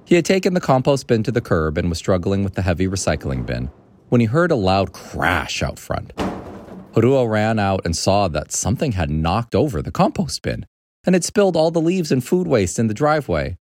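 A man reading a children's story aloud with an animated, expressive delivery. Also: lowish voice, moderate pace, slight background noise. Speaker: narrator.

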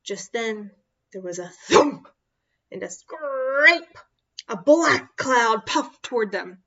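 A woman reading a children's picture book aloud in an expressive, animated way. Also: on the high side, slow, highs cut off. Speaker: storyteller.

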